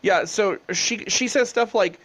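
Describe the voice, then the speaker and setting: Higher-voiced man ranting on a podcast. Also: unhurried, a bit bright. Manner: rambling, stumbles over words. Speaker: podcast co-host. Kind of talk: casual chat.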